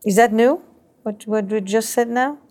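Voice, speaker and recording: A woman's voice: fairly high pitch, moderate pace, a little mellow. A woman therapist with a Belgian accent, probing and laying out ideas in repeating, building patterns. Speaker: couples therapist. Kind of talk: therapy session guidance.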